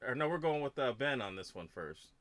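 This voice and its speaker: A man's voice: mid-range voice, sing-song, a little fast, a bit bright, no room sound. A man hosting a casual panel chat, rambling and hesitant with many fillers. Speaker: podcast host.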